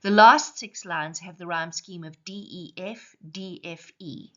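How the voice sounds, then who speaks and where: Measured woman teaching poetry. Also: lowish voice, dull audio. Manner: clear, measured explaining, slows to stress syllables. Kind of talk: recorded poetry lesson.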